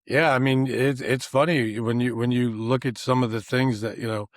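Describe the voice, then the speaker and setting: A man's voice: mid-range voice, fairly even intonation, normal speed, no room sound, studio quality. Laid-back man in casual chat. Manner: casual, says "you know" often. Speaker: podcast co-host.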